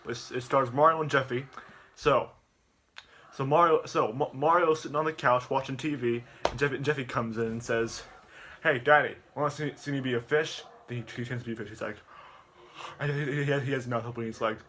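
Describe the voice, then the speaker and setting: A man's voice: medium pitch, brisk, a bit bright, slight background noise. A man, a YouTube reviewer, retells a movie in a rambling rant, stammering and repeating words.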